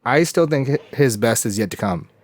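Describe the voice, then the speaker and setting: A man's voice: medium pitch, expressive, moderate pace. A man from Southern California in casual podcast chat, laid-back and enthusiastic, calling people dude and bro.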